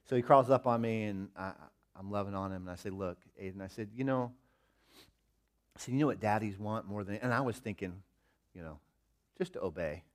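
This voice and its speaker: A man in his thirties, a pastor preaching a sermon and telling family stories with animated acted-out quotes. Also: lowish voice, a little fast.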